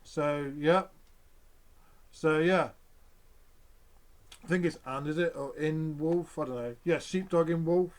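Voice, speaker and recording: A man's voice: fairly high pitch, takes it slowly, pauses often. A young man, chatting casually to camera as a vlogger, rambling and swearing often.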